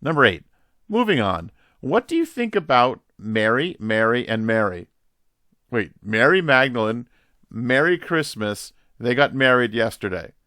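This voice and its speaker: Older pastor with a lively, joking voice. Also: male voice, medium pitch, a little slow, no room sound, studio quality. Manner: playful, joking, thinks aloud. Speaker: pastor and channel host. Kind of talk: casual quiz reaction video.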